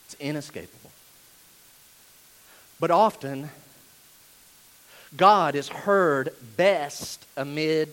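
A man preaching a conversational sermon, swinging between hushed, quiet stretches and emphatic, rising moments. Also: mid-range voice, slight background noise, low-quality recording. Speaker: pastor.

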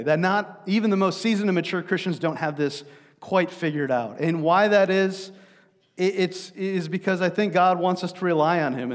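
A man's voice: on the high side, in a large hall. A man preaching a sermon as pastor, telling stories in a conversational way with frequent fillers and restarts.

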